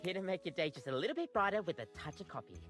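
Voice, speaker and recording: A chirpy, nervous coffee maker, bouncing through customer-service lines in a video game. Her lively pitch swoops, and game music plays clearly behind her. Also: racing.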